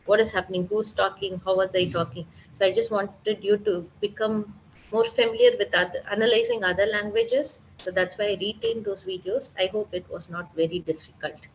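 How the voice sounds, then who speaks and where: In a seminar, a speech therapist patiently explains her methods one step at a time, demonstrating the sounds aloud. Her medium-pitched voice holds a steady tone and runs a little fast, captured on a slightly muffled, dull recording with faint hiss underneath.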